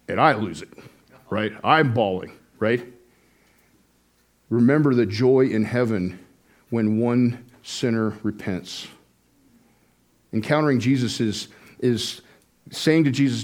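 A man's voice: medium pitch, a little slow, long pauses, darkish tone. Navy veteran man preaching a sermon. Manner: conversational storytelling with frequent fillers and restarts. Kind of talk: sermon testimony.

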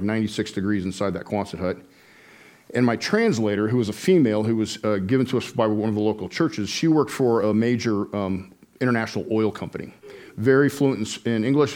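A man's voice: fairly low pitch, darkish tone. A middle-aged man, a former Navy man, preaching a sermon and telling a story in a conversational way, with frequent fillers and restarts. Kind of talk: sermon testimony.

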